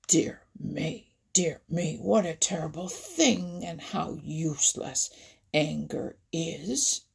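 A woman voicing a wise old male frog, gentle and slow-spoken. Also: sits low, lively intonation, gravelly, breathy edge, full character voice. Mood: sighing.

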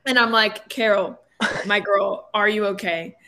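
A young woman in her twenties, telling a story in a casual chat with lots of fillers. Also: medium pitch. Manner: animated, quick storytelling with many fillers.

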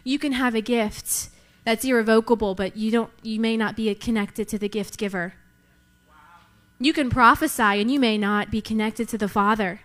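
A young woman preaching a sermon, emphatic, repeating key lines for effect. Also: fairly high pitch.

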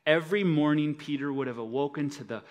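A man preaching a sermon, swinging between loud emphasis and quiet, low asides. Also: quick pace. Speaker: pastor. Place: church service.

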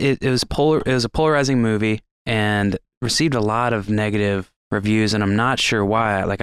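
An easygoing man with a fairly low, smooth voice talks through a film on a podcast in a friendly way. His voice is clear and close, with a dry sound and no room echo. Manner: easygoing, reads descriptions aloud, friendly. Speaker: podcast co-host. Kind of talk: casual film review chat.

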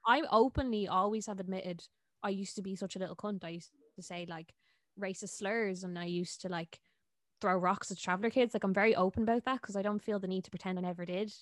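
A woman's voice: medium pitch, steady tone, fairly quick, no echo, clean studio sound. A young woman with an Irish accent, chatting casually and bluntly, swearing freely. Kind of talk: casual chat.

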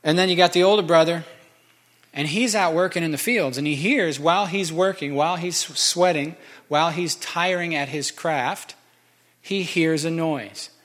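A man's voice: on the high side, normal speed, fairly bright tone. A man preaching a sermon, conversational and joking with the congregation. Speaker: pastor.

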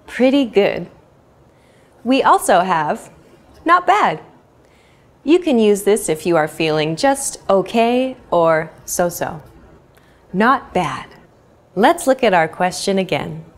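A young woman hosts a scripted English lesson. Her pitch moves up and down a lot, and she talks at an unhurried pace. She says each example phrase clearly and often repeats it for learners. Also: big pitch swings. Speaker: English teacher.

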